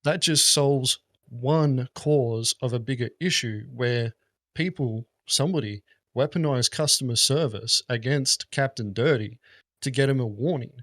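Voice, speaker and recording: A man's voice: medium pitch, a little slow, no echo, studio quality. Rambling man, casual chat. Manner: rambling, profane, animated. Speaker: gaming content creator.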